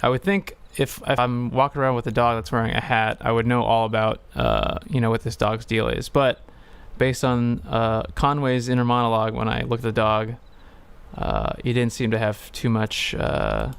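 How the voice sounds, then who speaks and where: Casual male game streamer; gravelly but smooth voice, rambling, hesitant delivery. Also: mid-range voice, moderate pace, dry recording.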